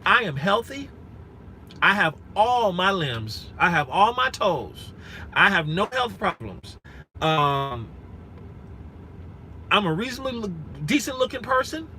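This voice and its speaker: A man's voice: sits high, big pitch swings, unhurried, pauses often, sharp tone, slight background noise, poor audio. A man in his forties chatting frankly and earnestly with live-stream viewers from inside a rented SUV, repeating himself and restarting often. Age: 40s. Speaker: rideshare driver vlogger.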